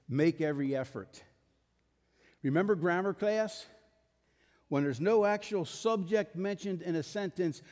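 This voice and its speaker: Guy preaching with a high voice, pushes hard on his points, lots of reverb like a big hall. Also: a little mellow. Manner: emphatic, rhetorical questions to the congregation. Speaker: pastor. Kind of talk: sermon.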